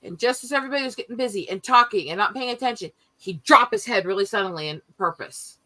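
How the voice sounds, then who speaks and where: A woman telling family stories in a casual chat, animated and profane, often laughing as she talks. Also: medium pitch, quick pace, poor audio.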